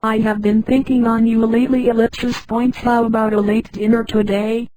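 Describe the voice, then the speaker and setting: A man's voice: very high voice, flat delivery, normal speed, a little mellow, low-quality recording. A synthetic woman's voice reading the lines of a nervous man courting a woman, in a formal, stiff way.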